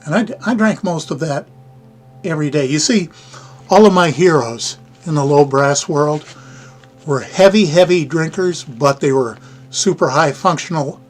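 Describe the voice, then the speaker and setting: Older midwestern American man, livestream host, folksy rambling chat, slightly high voice, faint music behind. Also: a little slow. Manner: rambling, folksy, chuckling asides. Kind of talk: casual live-stream chat.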